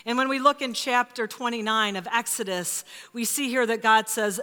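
Woman in her 50s preaching, bright forceful voice, big echoey church. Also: on the high side, normal speed, few pauses, clean tone. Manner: expressive, emphatic, dropping to hushed asides. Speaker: pastor. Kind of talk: sermon. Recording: reverberant church hall.

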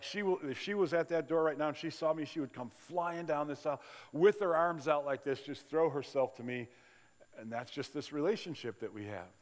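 Older man, pastor, conversational sermon, storytelling, slightly high voice, long hall reverb. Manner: conversational storytelling with acted-out quotes. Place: large church sanctuary.

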